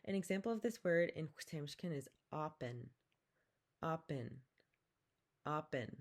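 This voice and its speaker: A woman teaching a language lesson, saying each vowel slowly and repeating words for the listener to copy. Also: deep voice, animated, a little mellow. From Pacific Northwest, Coast Salish community. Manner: slow and careful, repeats each sound, drawn-out demonstrations. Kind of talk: slow, patient vowel lesson with call-and-repeat.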